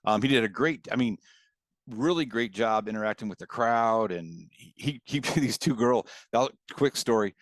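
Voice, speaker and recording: A man's voice: mid-range voice, animated, moderate pace, dry recording. A man co-hosting a podcast, rambling through casual stories and laughing as he tells them, on a video call. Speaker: podcast co-host. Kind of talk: casual chat.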